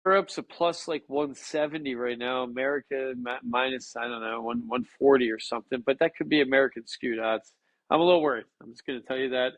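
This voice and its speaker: A man co-hosting a casual sports betting chat, talking excitably with frequent stammered restarts. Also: medium pitch, brisk, no room sound.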